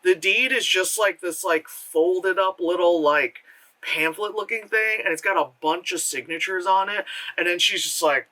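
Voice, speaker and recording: A man's voice: high-pitched, moderate pace, sharp tone, poor audio. An American man in pain, reviewing a movie in a rambling, sarcastic way, often interrupting himself and laughing. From United States.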